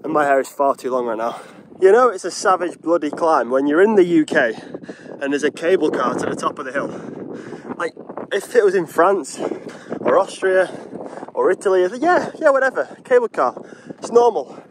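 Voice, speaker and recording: A young man, a cycling vlogger, chatting casually and excitedly to camera outdoors on hills. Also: fairly high pitch, normal speed, long pauses, noisy background. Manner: chatty, excitable, swears mildly. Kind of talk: casual vlog chat.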